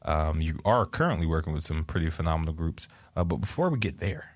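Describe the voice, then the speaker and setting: A man's voice: very deep voice, expressive, quick pace, no echo. A man hosting a casual radio show in a studio, joking and laughing often with lots of fillers.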